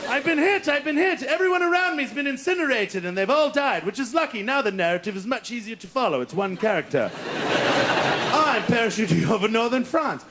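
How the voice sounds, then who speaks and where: A man's voice: high voice, very animated, a little fast, fairly bright tone, a little hiss or hum, full character voice. A man doing a strained, wounded bomb aimer. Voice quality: strained, squeezed throat. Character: wounded hunched-over male WWII bomb aimer.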